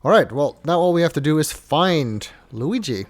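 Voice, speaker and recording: A man's voice: a little high, lively intonation, moderate pace. A man giving casual gameplay commentary as a let's play host, with chatty, wry asides.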